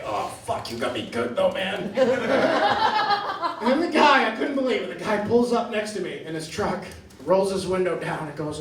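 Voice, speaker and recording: High-voiced male stand-up comic in a roomy club. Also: normal speed, recorded from a distance, a crowd in the background. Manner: animated storytelling, often laughing mid-line. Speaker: stand-up comedian. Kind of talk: stand-up comedy set. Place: comedy club stage before a live audience. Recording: roomy club sound caught from afar.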